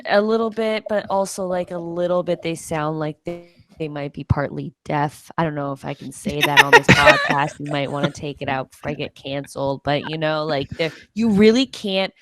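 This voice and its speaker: A woman comedian guesting on a podcast, chatting casually in an animated, teasing way. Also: sits low, normal speed, faint music behind.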